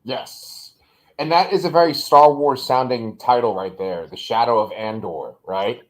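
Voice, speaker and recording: A man's voice: mid-range voice, unhurried, rough recording. A man with a nasal voice co-hosting a casual review podcast in a loose, upbeat, chatty way. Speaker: podcast co-host.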